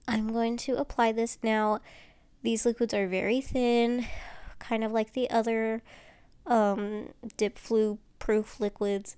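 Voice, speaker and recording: Slow, creaky-voiced woman vlogger. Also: on the high side, a little mellow, no room sound. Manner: rambling, chatty, many fillers and restarts. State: tired. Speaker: nail tutorial vlogger. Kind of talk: casual tutorial chat while doing nails.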